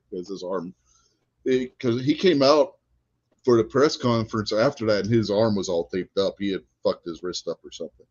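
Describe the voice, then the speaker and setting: A man with a lowish voice chats casually on a wrestling podcast, recounting stories with animated energy and frequent laughter. The sound is dry and dull, like lo-fi podcast audio. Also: moderate pace, husky, no room sound. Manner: animated storyteller, laughs often. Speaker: podcast co-host.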